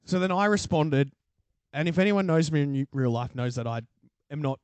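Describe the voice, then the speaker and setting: A man's voice: a little high, lively intonation, moderate pace, a little mellow, smooth, no echo. A young Australian man hosting a casual podcast chat, telling stories with laughs and swearing. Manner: joking storytelling, swearing and laughing. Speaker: podcast host. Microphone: studio mic.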